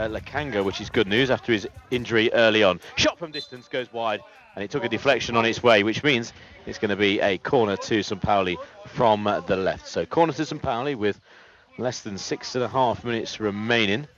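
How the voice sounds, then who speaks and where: A man doing live play-by-play sports commentary, steady and detailed, with frequent "uh" fillers. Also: fairly low pitch, normal speed. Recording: lo-fi, muffled sound.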